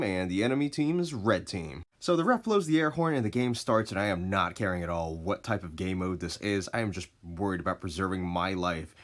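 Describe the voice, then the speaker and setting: Low-voiced man telling a story. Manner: profane, laid-back, expressive. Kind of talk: casual storytelling vlog.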